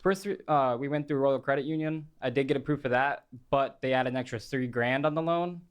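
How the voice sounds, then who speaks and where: A man's voice: mid-range voice, fairly quick, smooth. An eighteen-year-old man as an interview guest, answering hesitantly with lots of ums.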